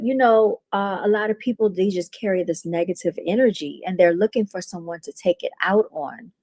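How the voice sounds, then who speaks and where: A woman's voice: mid-range voice, darkish tone, no echo. A woman, a realtor, hosting a casual livestream, talking to her viewers as "y'all" and retelling conversations by acting out the other people's lines.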